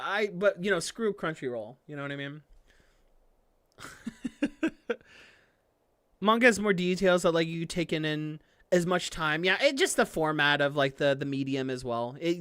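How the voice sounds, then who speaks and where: Chatty streamer gushing over an anime, lots of likes and swearing, jumps high when excited, smooth clean voice. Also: dry recording, clean studio sound. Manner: rambling and gushing, many "like"s, swears freely; swings into excited high outbursts. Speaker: streamer reacting to an anime episode. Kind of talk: casual live-stream commentary.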